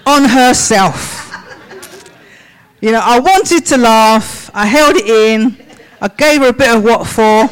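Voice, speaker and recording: A woman's voice: high voice, low-quality recording. A woman preaching a sermon in church, asking the congregation a run of questions. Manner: slow, measured questions to the congregation.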